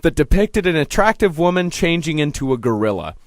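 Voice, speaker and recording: A man hosting a casual podcast, working through his notes with stumbles and restarts. His voice sits a little high and sounds dry and close. He keeps the chat loose. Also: big pitch swings, no room sound. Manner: halting, stumbles over words while reading. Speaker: podcast host.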